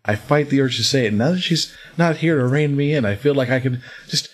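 A man's voice: mid-range voice, a little fast. A man co-hosting a casual podcast, explaining background facts in a matter-of-fact way. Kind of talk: casual group chat.

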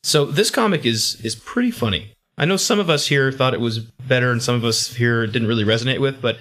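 A man's voice: mid-range voice, fairly quick, a bit bright. A man hosting a casual podcast chat about comics, laughing often and acting out quoted lines. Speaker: podcast host.

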